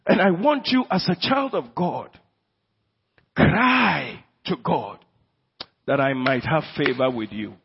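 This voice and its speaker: This pastor's voice is on the high side, animated, gravelly and breathy-edged, taking things slowly with long pauses. Preaching in Ghanaian-accented English, he is emphatic and questions the congregation; the lo-fi, dull recording echoes through a church hall.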